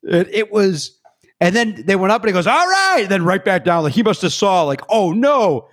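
A man's voice: high voice, a little fast, no echo. A middle-aged man telling rambling stories on a remote podcast, stumbling and correcting himself, acting out quotes with gusto. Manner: rambling, self-correcting, animated quoting. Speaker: podcast guest. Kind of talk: casual storytelling chat. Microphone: remote podcast mic.

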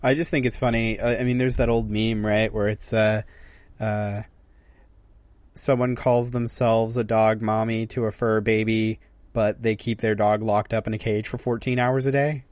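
A man with a lowish voice co-hosts a casual podcast. He talks in a relaxed, hesitant way, full of fillers. The sound is dry and close. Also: moderate pace, no room sound. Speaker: podcast co-host. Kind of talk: casual chat.

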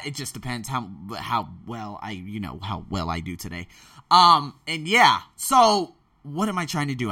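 A man talking in a casual, rambling monologue, excitable and often losing his thread before starting over. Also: medium pitch. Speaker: podcast host preparing a talk.

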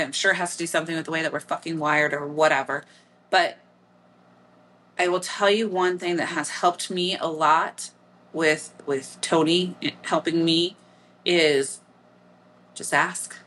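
A middle-aged woman with a Midwestern accent speaks in a low voice, blunt and frank, with swearing scattered through her talk. She hosts a casual podcast monologue. Faint noise sits under the recording. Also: a bit bright. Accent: Midwestern American. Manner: blunt, frequent swearing, laughs easily. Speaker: podcast host.

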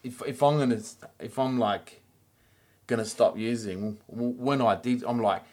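A man's voice: mid-range voice, moderate pace. An Australian man hosting a casual podcast chat, telling rambling stories and swearing freely. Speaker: podcast host.

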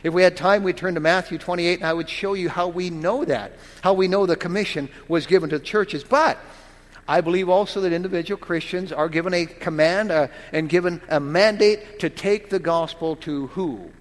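A man's voice: high-pitched, normal speed, in a large hall. A man preaching a sermon as pastor, reading scripture aloud and pressing his point with emphatic rhetorical questions.

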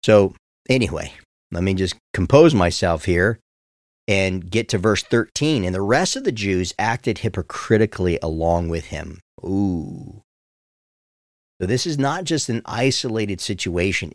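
A man's voice: medium pitch, dry recording, studio quality. A man in his forties, a pastor teaching the Bible on a podcast in an earnest, heartfelt way, often speaking straight to his listeners.

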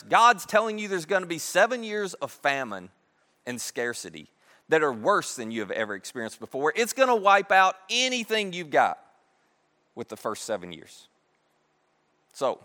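A man's voice: a little high, bright, forceful tone. A man preaching a sermon, telling the story in a conversational, humorous way. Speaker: pastor. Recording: echoey hall.

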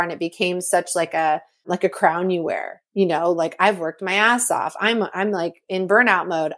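A woman in her thirties from California, chatting as a podcast guest, full of "like" and acting out her own quotes in a raised voice. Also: lowish voice. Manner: chatty, heavy use of "like", acts out quotes in a raised voice. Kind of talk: casual conversational interview.

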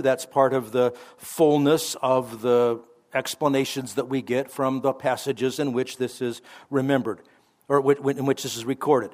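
A man teaching the Bible as a radio pastor, conversational with offhand asides and self-corrections, slowing down to stress the scripture he quotes. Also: medium pitch, fairly even intonation, darkish tone.

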